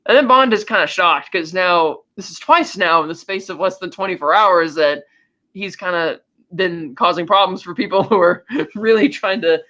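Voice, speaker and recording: A man's voice: high voice, moderate pace, muffled recording. A man hosting a podcast, chatting casually as he recaps a film scene by scene and acts out the characters' lines. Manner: animated storytelling, acting out lines of dialogue. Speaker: podcast host.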